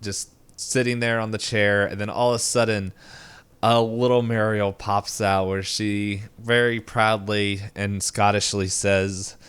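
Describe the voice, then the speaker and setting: Low, smooth-voiced man recapping. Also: flat delivery, fairly bright tone. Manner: rambling, lots of fillers, acts out characters' lines in quick voices. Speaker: podcast co-host. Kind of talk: casual chat recapping a cartoon.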